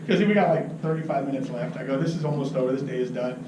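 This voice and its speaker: A man teaching about fishing, telling an animated story, laughing often and acting out what people said. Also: on the high side, quick pace, a crowd in the background. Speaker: fishing instructor. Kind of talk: anecdotal teaching talk. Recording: roomy, distant mic with noisy ambience.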